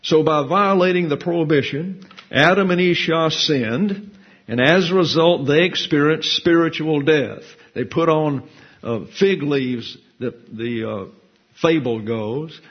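A man teaches scripture in a slightly husky voice, working through Hebrew grammar one term at a time. He reads verses and book quotations aloud in a measured, explanatory way. The recording sounds dull and lo-fi. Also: on the high side. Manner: methodical, explains Hebrew grammar terms step by step. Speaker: Bible teacher. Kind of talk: expository Bible lesson.

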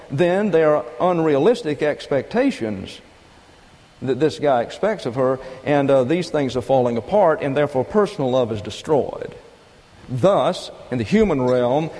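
A man preaching a doctrinal sermon, teaching in a measured, methodical way and repeating key phrases. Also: fairly high pitch, a little mellow. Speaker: pastor. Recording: long reverb of a large hall.

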